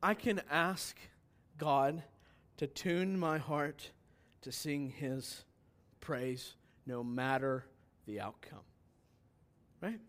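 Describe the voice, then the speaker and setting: A man with a high voice preaches an emphatic sermon. He drives points home with rhetorical questions and drops to quiet asides between louder declarations. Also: very slow, long pauses. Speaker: pastor.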